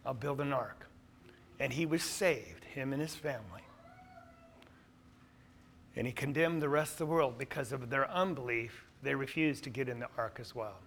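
A man's voice: mid-range voice, normal speed, slight background noise. A man preaching a sermon, asking the listeners questions and acting out what people say. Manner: animated, asks the congregation questions, acts out quotes.

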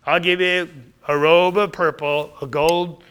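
A man's voice: a little high, flat delivery, a little slow, fairly bright tone, smooth. Man putting on a sneering sarcastic king. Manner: sarcastic, condescending. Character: arrogant sarcastic ancient king, male adult.

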